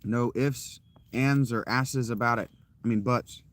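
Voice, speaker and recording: A man in his thirties chatting casually with his stream while walking outdoors, rambling with fillers and self-corrections in a loud, projecting voice. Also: medium pitch, a little slow, no echo. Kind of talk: casual live-stream chat. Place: outdoors, walking through a parking lot.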